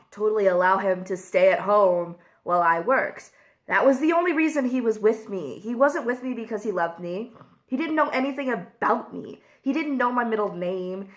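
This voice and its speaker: Young woman vlogger, slow and candid, emotional storytelling with lots of fillers. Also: medium pitch. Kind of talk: casual confessional vlog while eating.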